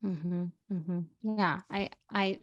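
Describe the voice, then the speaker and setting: A woman hosting a conversational podcast interview, animated and quick to get heated. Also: lowish voice, muffled recording. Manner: animated, speeds up and swears when heated. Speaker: podcast host.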